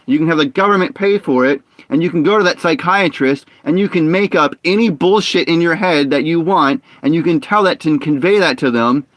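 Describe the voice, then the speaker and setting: A young man streaming a game, talking in a ranting, opinionated way with halting restarts and frustrated outbursts. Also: fairly high pitch, fairly bright tone, no room sound. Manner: halting restarts and repeated words. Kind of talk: casual live-stream talk while gaming.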